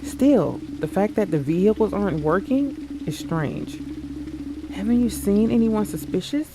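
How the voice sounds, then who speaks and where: A man reading the lines of a calm male detective who questions guests patiently. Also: sits high, a little slow, noisy background, pitched above the performer's own voice. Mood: steady.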